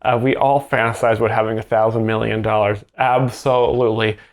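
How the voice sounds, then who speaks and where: Deadpan man explaining jokes. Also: lowish voice, brisk. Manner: earnest mock-serious analysis. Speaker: host, mock joke explainer. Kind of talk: deadpan parody commentary.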